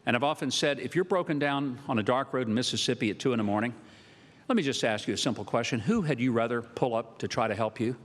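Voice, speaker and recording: A man's voice: medium pitch, quick pace. An older man with a Southern American accent giving a humorous, folksy speech to university students, with punchy comic timing. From Southern United States. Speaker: speaker addressing university students. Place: large auditorium. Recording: long reverb of a large hall.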